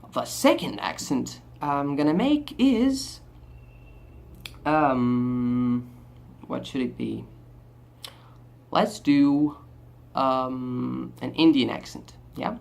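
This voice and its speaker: A man from Morocco vlogging casually and improvising, hesitant with many pauses and ums. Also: mid-range voice, animated, creaky, darkish tone.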